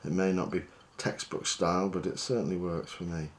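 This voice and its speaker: A man's voice: low voice, a little fast, slight background noise. Chatty man tying a fly. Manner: chatty, relaxed, self-deprecating. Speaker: fly fishing guide.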